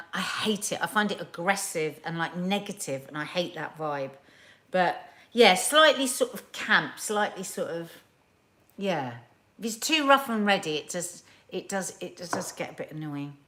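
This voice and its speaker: A woman's voice: fairly low pitch, sharp tone. A woman hosting a live stream, chatting casually and reading viewer comments aloud with playful, exaggerated delivery. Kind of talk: casual chat.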